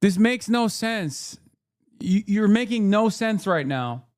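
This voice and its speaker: A man's voice: high-pitched, expressive, slow, darkish tone. A man livestreaming his reactions to news clips, ranting in a heated, profane and sarcastic way. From United States. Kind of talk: live reaction commentary.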